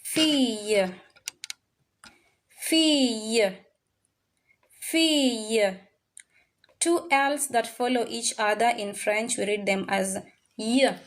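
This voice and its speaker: A woman teaches French to a class, with a fairly high voice. She talks slowly and patiently, repeating each word several times so the students can follow. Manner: slow, repetitive drilling of words; mixes in Swahili phrases. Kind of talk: classroom language lesson.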